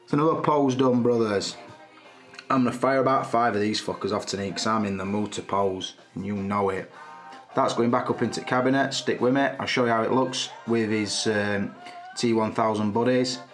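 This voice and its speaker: A swaggering man with a fairly low voice, talking loud and brash in a casual hobby vlog. He swears constantly and brags about his own work. Soft music sits faintly behind him. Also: fairly even intonation, moderate pace. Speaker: action figure collector vlogger.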